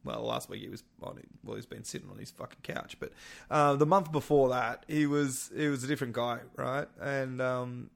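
A man co-hosting a casual sports podcast, animated and swearing freely, his voice jumping up when excited. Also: mid-range voice, normal speed, gravelly. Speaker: podcast co-host.

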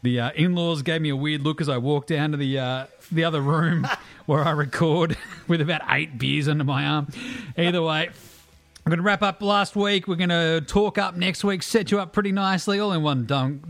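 A man's voice: on the high side, moderate pace, fairly bright tone, dry recording. An Australian man in his thirties co-hosting a casual podcast, joking and swearing loosely, recorded on a phone in a small room. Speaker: podcast co-host.

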